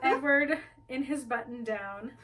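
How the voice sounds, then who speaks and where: A woman's voice: high voice, a little slow, fairly bright tone, recorded from a distance. A woman podcast co-host in casual chat, reacting with giggly enthusiasm.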